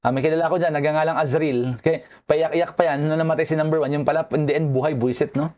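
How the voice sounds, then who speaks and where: A man's voice: fairly high pitch, fairly even intonation, very fast, a little mellow. A man with a Filipino accent giving a nursing lecture online, joking and chatty, and constantly checking in with his students. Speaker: nursing professor.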